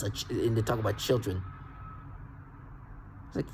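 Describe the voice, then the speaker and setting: A man speaking to the camera in an agitated monologue, halting and repeating words as he restarts sentences. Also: on the low side, fairly even intonation, darkish tone, slight background noise, rough recording. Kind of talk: self-recorded monologue rant.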